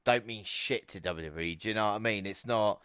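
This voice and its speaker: A man's voice: on the low side, brisk, a crowd in the background. A man co-hosting a podcast in casual chat, laughing often and swearing freely. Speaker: podcast co-host.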